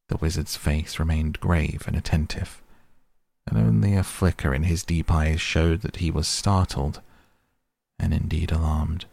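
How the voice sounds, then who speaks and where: A man reading an audiobook, his voice very deep and gravelly. He narrates in a steady, even way with a husky grain. The sound is dry and close. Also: unhurried, no echo. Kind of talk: scripted narration.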